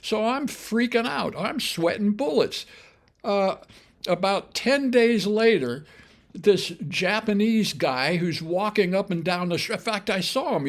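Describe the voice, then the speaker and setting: A man's voice: high-pitched, animated, a little slow. An older man hosting a show, casually telling his own business history in a chatty, wry way, full of asides and self-corrections. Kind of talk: casual spoken memoir storytelling.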